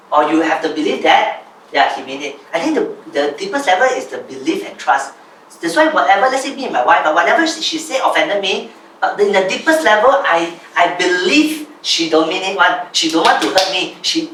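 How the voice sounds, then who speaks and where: A man's voice: on the high side, slight background noise. Man speaking from a distance, echoey room. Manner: animated, reads aloud from his journal. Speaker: business coach. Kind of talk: talk to a small group. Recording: roomy, voice from a distance, faint ambience.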